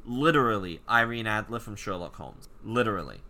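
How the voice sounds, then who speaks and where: A man co-hosting a casual comic-book podcast, animated and jokey, with lots of "like" fillers. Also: lowish voice, brisk. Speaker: podcast co-host.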